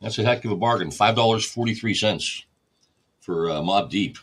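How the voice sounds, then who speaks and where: A man's voice: on the low side, normal speed, fairly bright tone, breathy edge. A man hosting a record store livestream, casually explaining each step while he catalogs vinyl. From United States.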